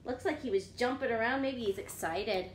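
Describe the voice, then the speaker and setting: A woman teacher reading a picture book aloud to children, animated and often asking them questions. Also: fairly high pitch, moderate pace. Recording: echoey room.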